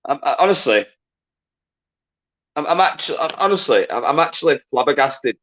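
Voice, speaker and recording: A man's voice: a little high, animated, moderate pace. A man runs a live-stream quiz in loose, casual chat. He swears freely, laughs at the answers and calls out greetings to his viewers. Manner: swears often, jokey, shouts greetings to viewers. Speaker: livestream quiz host.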